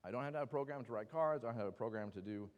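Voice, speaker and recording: A man's voice: medium pitch, racing, long reverb tail, lo-fi sound. A man teaching a Bible class in a casual, joking way with lots of asides. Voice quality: joking, chatty, with many asides. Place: church meeting room.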